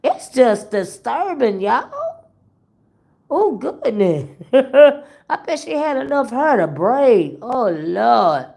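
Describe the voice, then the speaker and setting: A woman's voice: a little high, creaky. A woman hosting a casual gossip livestream, chatting to her viewers, laughing often and drawing out her exclamations, her voice still worn from being sick. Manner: animated, laughing, drawn-out exclamations. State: voice worn from illness. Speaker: livestream host reading chat.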